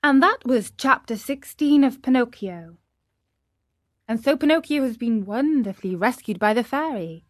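A woman reading a children's story aloud in a gentle, unhurried way. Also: fairly high pitch, lively intonation, dry recording, studio quality. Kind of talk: scripted storybook narration.

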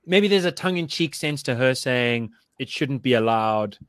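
A man's voice: medium pitch, lively intonation, normal speed, dry recording. A man co-hosting a casual chat, rambling and hesitant with lots of restarts. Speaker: podcast co-host.

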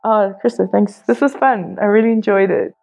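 A woman artist, a podcast guest, telling stories frankly and casually, swearing and quoting others in lively voices. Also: mid-range voice, moderate pace, gravelly. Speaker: artist and workshop teacher, guest. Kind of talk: candid conversational storytelling.

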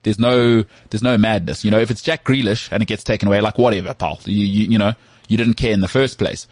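Husky-voiced man chatting about football. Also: lowish voice, dry recording. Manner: animated, jokey, does quick impressions of others. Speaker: podcast co-host. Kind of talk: casual sports chat.

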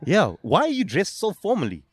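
A man hosting a podcast outdoors at a skate park, talking into a handheld mic with a dry, close sound. His voice sits fairly high and swings up and down a lot as he jokes, teases and trails off into restarts. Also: wildly swooping pitch, fairly quick, husky, no echo. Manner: joking, teasing, rambling with many restarts. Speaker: podcast host. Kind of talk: casual street interview. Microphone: handheld microphone.

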